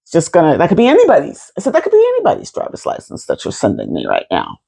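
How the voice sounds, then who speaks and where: Husky, animated woman in her fifties. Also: low-pitched, racing. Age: 50s. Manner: animated, expressive, swears freely. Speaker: vlogger. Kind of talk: casual storytelling to camera.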